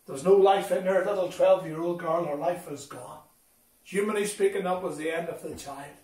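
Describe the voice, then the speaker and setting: A man telling a Bible story to children at a school assembly, animated and expressive as he talks to them directly. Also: sits high, moderate pace. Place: school hall. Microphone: distant from the recording mic. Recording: echoey hall from far off.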